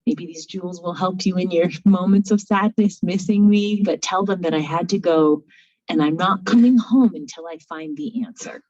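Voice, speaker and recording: A woman's voice: on the low side, normal speed, a little mellow, no room sound, dull audio, close to an everyday voice. A woman voicing a young prince who is bewildered and searching, asking earnest questions. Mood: resolute.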